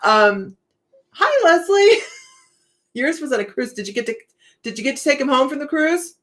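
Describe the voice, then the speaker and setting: A woman's voice: sits high, animated, moderate pace, a bit bright. A woman with a Southern American accent hosting a livestream, chatting casually, laughing often and reading viewer comments aloud. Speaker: psychic livestream host.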